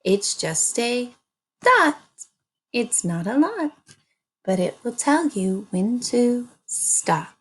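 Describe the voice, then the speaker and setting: A woman teaching an early reading lesson, speaking slowly and sounding out words for young children. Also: on the high side, very animated, husky.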